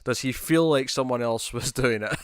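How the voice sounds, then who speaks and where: A man's voice: mid-range voice, moderate pace, clear, resonant tone, no echo, studio quality. A man co-hosting a podcast, chatting casually and rambling about movie trailers with lots of restarts. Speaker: podcast co-host.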